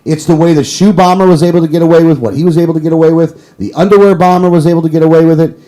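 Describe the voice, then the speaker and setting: Male talk host with a mellow, fairly high voice who rants hard and then apologizes. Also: steady tone, rapid-fire, low-quality recording. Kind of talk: political talk show.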